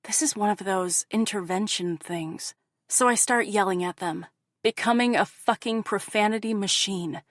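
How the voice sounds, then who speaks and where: A woman's voice: mid-range voice, normal speed, no room sound, clean studio sound. A woman narrating an audiobook in the first person, with an intense, profane, confessional delivery.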